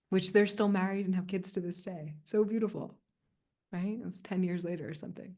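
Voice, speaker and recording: A woman in her thirties coaching a group over a video call, earnest and soft-spoken, with frequent fillers and little laughs. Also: on the low side, steady tone, brisk. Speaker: spiritual coach leading a group session. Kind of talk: live community coaching session.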